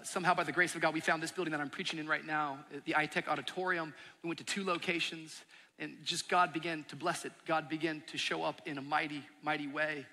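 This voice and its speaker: A man's voice: a little high, pushed and bright. A man in his thirties, a pastor giving a sermon, telling his church's story earnestly and building to emphatic peaks. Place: large church auditorium. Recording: long hall reverb from a large auditorium.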